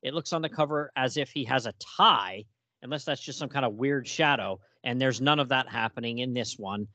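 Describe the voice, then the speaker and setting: A man co-hosting a casual comic book podcast, animated and exasperated, reading panel dialogue aloud in character. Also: mid-range voice, moderate pace, no room sound. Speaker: podcast co-host.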